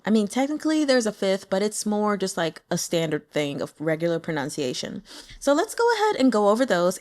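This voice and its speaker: A woman and native English speaker teaching pronunciation in a casual lesson, upbeat and demonstrating sounds with exaggerated examples. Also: medium pitch. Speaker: language teacher.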